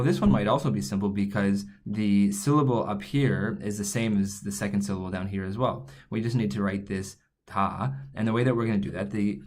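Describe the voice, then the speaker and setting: A man teaching a lesson in a relaxed, step-by-step way, thinking aloud as he writes and explains each letter. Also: lowish voice. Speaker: language teacher. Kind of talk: recorded online lesson, writing on screen.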